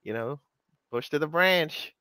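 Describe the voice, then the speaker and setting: A man hosts a live coding session, ribbing his co-hosts in a loose, chatty way. His voice is bright and lively, and it swings up and down a lot. The recording is close and dry, with no room sound. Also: on the high side, unhurried, no room sound. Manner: joking, teasing, chatty, lots of "you know". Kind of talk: casual live-coding chat.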